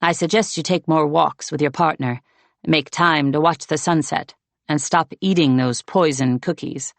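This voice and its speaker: Woman voicing a slow easygoing Californian watchman. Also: low voice, vocal fry, no echo. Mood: genial. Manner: slow, easy, relaxed Californian drawl. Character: genial male fortune-telling watchman, relaxed.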